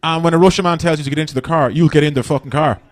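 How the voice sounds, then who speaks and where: A man's voice: fairly high pitch, steady tone, very fast. An Irish man doing stand-up comedy on a festival stage, brash and profane, rambling through his stories.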